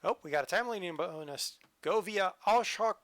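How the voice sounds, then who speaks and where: Man, streamer, joking gameplay commentary, bright tone, dry recording. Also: high-pitched, expressive, brisk, no echo. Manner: joking, talks to the train.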